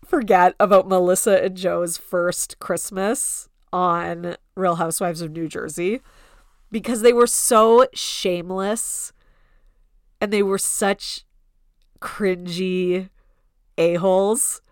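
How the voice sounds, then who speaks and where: A chatty woman hosts a podcast in a loose, gossipy way and fills her talk with "like". Her voice sits a little low. The sound is dry and close, with no room in it. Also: fairly even intonation, slow pace, dry recording. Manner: chatty, lots of "like" fillers, mocking quotes. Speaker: podcast host. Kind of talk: casual gossip chat.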